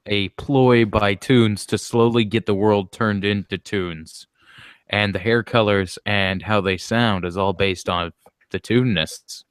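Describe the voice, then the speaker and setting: A man's voice: on the low side, dry recording, studio quality. A man in a casual crude chat who talks bluntly.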